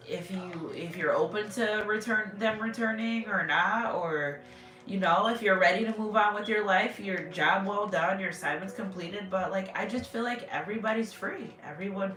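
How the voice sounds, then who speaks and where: A woman's voice: mid-range voice, fairly bright tone. A woman who reads tarot, talking in a casual, rambling and heartfelt way about spiritual messages, with many fillers and restarts. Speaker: tarot reader. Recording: roomy echo, distant mic, faint music.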